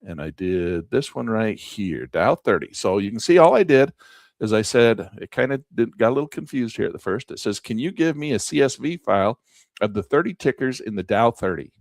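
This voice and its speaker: A man's voice: on the low side, lively intonation, fairly quick, dry recording, clean studio sound. A man teaching a screen-share trading lesson in a folksy, chatty way, often repeating himself. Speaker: trading instructor.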